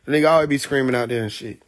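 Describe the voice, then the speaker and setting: A man from Atlanta, telling profane, animated stories on a live stream, laughing often. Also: mid-range voice, vocal fry. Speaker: livestream host. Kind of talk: casual storytelling on a live stream.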